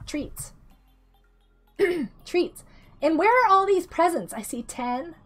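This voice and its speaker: A woman in her thirties, sick with a rough throat, chatting casually and giggling as she greets viewers during a game stream. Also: extremely high pitch, expressive, slow pace, fairly bright tone. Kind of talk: casual live-stream chat while gaming. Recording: faint music behind the voice.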